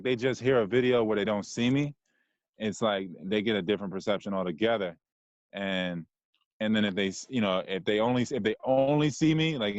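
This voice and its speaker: A man's voice: lowish voice, dry recording, lo-fi sound. Rambling man with a mixed American accent. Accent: mixed American, Californian with Jersey and Detroit touches. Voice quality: slightly nasal. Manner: loose and rambling, many "like" and "you know what I mean" fillers. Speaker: podcast guest. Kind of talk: casual conversational interview.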